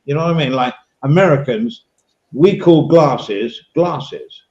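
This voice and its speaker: A man's voice: on the high side, lively intonation, unhurried, darkish tone, reverberant, muffled recording. An English man hosting a casual podcast chat, rambling and swearing now and then. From England. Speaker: podcast host.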